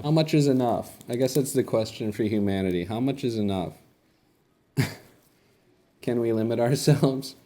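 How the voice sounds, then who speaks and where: A man's voice: medium pitch, dark tone. A young man rambling and joking in a casual comedic monologue while feeding animals.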